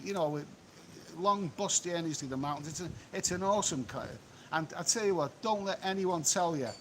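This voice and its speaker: A man's voice: on the high side, a bit bright, a little hiss or hum, low-quality recording. A man doing a rambling live-stream chat, reading out and answering viewer comments by phone from an outdoor beach cafe. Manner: chatty, rambling, repeats himself. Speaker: travel vlogger.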